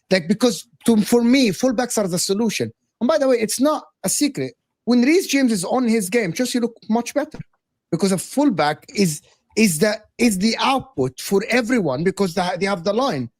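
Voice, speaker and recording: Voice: mid-range voice, dry recording. Panel guest, argumentative, emphatic, dry close sound. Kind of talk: opinionated football debate.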